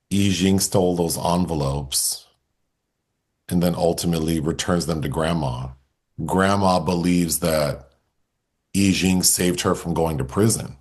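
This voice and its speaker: A man with a very low voice co-hosts a film review podcast. He recounts the plot step by step in an easy, conversational way. His voice sits deep throughout. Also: darkish tone.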